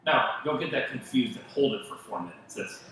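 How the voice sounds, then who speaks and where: A male pastor preaching a sermon, telling stories in an animated way and acting out the voices of the people he quotes. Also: medium pitch, brisk, very echoey, low-quality recording. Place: church sanctuary.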